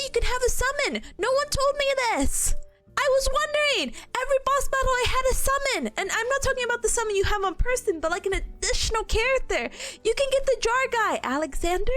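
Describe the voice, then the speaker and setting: Giggly high-voiced young woman streamer. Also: fairly bright tone. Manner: bubbly, giggly, lots of laughter and playful complaints. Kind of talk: casual chat with stream viewers.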